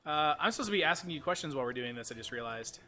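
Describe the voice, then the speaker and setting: Over a crowd in the background, this livestream host races through his words in a fairly high, lively voice. He's casual and chatty while gaming, cracking jokes at his own expense.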